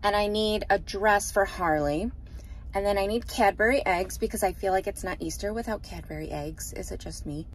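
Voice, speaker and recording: A woman in her forties, a mother of a large family, chatting casually and upbeat in a shopping vlog, listing items out loud. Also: mid-range voice, moderate pace, slight background noise. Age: 40s.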